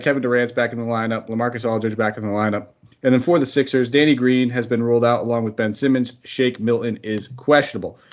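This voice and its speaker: Upbeat American podcast host, lo-fi mic. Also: male voice, medium pitch. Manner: upbeat, friendly, rambling. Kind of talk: sports betting podcast talk.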